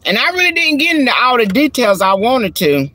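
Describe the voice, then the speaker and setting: A woman livestreams casually from her car, holding her phone camera and chatting in a folksy way, calling her viewers "girl" and "honey." Her voice is fairly high, bright, and forceful, very animated and a little fast, and the recording is dry.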